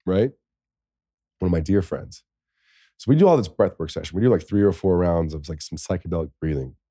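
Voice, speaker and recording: An American man in his thirties, a podcast guest, telling stories in a casual, lively way, swearing now and then. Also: deep voice, a little fast, breathy edge, no echo, clean studio sound. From United States. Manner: lively, swears, acts out quoted speech. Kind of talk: casual storytelling.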